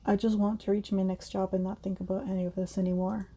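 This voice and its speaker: A woman reads a game's dialogue aloud during a let's play, sounding anxious and confused. Her voice is dark and gravelly, with faint noise behind her. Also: mid-range voice, level tone, fast talker. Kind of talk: reading game dialogue aloud.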